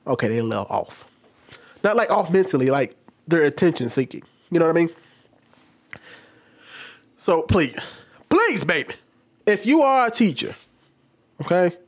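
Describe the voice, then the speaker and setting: A man who works as a teacher, giving a casual, blunt commentary and sounding fed up. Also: high-pitched. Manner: blunt, exasperated, mocks others with exaggerated voices.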